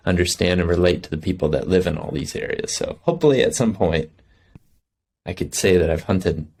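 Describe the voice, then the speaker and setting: A man talking as a hunter guest on a podcast with a very deep voice that is full of gravel and fry. He comes across as earnest and reflective, and he laughs easily as he thinks aloud. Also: a little fast, a little mellow. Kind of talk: casual conversation.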